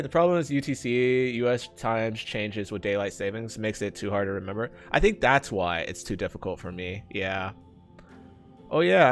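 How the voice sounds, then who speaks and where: A man streaming a game live, bantering with his chat, laughing often and getting loud and defensive when teased. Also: on the low side, creaky.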